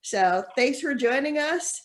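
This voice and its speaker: A woman's voice: sits high, animated, takes it slowly. A young woman co-hosting a casual podcast, chatty and thoughtful, with many fillers. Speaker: co-host.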